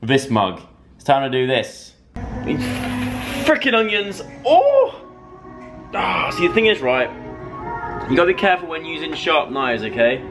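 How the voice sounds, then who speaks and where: Excitable man with a lively voice. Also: medium pitch, moderate pace, long pauses, music in the background. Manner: rambling, self-mocking, excitable. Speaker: vlogger. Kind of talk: casual chatty cooking vlog. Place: home kitchen. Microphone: camera mic, talking to camera.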